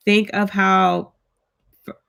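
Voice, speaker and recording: A woman's voice: medium pitch, little pitch movement, slow, gravelly, a bit bright, smooth. A woman hosting a casual live-stream chat, talking straight to her viewers in a heartfelt, chatty way with African American Vernacular English speech.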